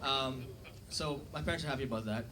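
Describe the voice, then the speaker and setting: A young man with a mid-range voice talks a little fast through a self-deprecating club set, casual into his handheld mic and full of fillers and asides. The live recording has heavy background noise and loud laughter from the audience.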